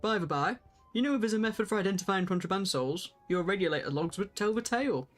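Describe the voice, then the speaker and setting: A woman voicing Hildibrand, a gravelly, gruff northern male inspector in a game, talking like a hard-boiled detective. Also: mid-range voice, animated, fast, faint music behind, pitched below the performer's own voice, natural voice.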